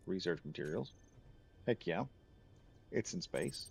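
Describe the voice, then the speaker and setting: Gravelly low-voiced man streaming a game. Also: lively intonation, normal speed. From United States. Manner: rambling, chatty, laughs easily. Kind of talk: casual gameplay commentary.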